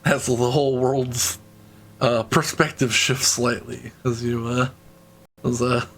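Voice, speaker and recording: A man running a tabletop game as game master, talking slowly in a gravelly voice. He narrates haltingly, with fillers, throat-clearing and frequent laughs. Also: mid-range voice, little pitch movement, fairly bright tone, rough recording.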